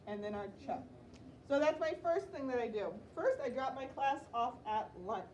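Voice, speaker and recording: A woman teaching a writing lesson to young children, sounding out words slowly in a classroom. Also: high-pitched, expressive, darkish tone, muffled recording. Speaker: elementary school teacher. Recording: roomy, distant classroom mic with background noise.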